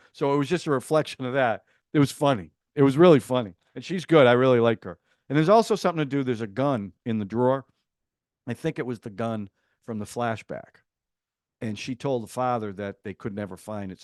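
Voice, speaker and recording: A man hosting a podcast, casually reviewing a TV series and retelling scenes in a chatty, animated way with quick asides. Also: medium pitch, no echo, studio quality.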